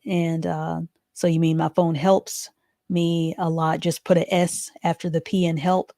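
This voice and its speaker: Slow, patient woman teaching reading. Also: on the low side, level tone, dark tone, no room sound, clean studio sound. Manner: patient, spells words out letter by letter. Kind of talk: live online reading lesson.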